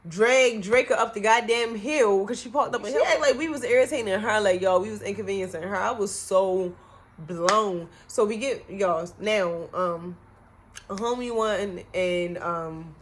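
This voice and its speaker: A young woman telling a storytime vlog in a casual, animated way, cussing a lot and acting out what people said. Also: mid-range voice, normal speed. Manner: animated, profane, acts out quotes.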